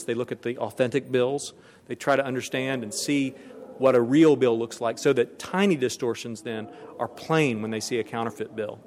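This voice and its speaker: A man giving an earnest lecture on education and virtue, reading passages aloud with occasional restarts. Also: medium pitch. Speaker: speaker on Christian education. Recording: long hall reverb.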